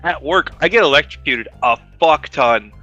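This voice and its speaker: A man's voice: on the high side, animated, normal speed, pushed and bright, dull audio, faint music behind. A man on a casual podcast, telling stories in a profane, rambling way. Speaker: co-host.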